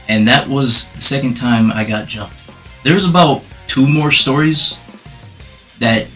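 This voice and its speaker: A man vlogging a storytime, animated and profane, laughing as he tells it. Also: mid-range voice. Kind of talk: storytime vlog.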